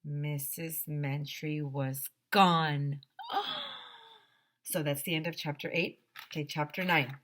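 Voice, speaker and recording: A woman teacher reading a children's chapter book aloud to her class, expressive and gently dramatic. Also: low voice.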